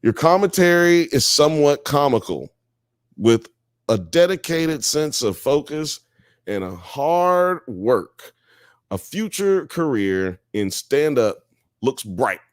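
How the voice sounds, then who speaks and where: A man's voice: fairly high pitch, sing-song, takes it slowly, no echo, studio quality. A man hosting a live show, reading chat comments and joking around in a loose, profane, casual way.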